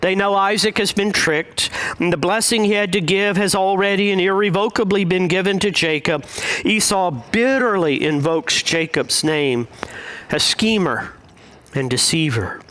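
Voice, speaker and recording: A male pastor preaching a sermon, speaking in a measured, deliberate way with frequent pauses. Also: high voice, a bit bright.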